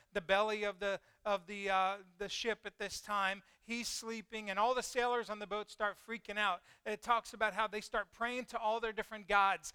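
A man's voice: sits high, pushed and bright, clean tone, no echo. A man preaching a conversational sermon, asking his listeners questions and acting out the voices in the story. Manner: conversational, asks the congregation questions, acts out quoted voices.

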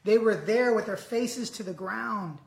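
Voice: medium pitch, gravelly. Earnest preacher in an echoey room. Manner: earnest, reads scripture aloud slowly and deliberately. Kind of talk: sermon.

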